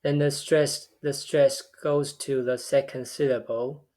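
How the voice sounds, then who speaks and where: A man giving a recorded linguistics lecture, explaining step by step in a measured way and often repeating words as he goes. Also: mid-range voice, level tone, a little mellow. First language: a tonal language.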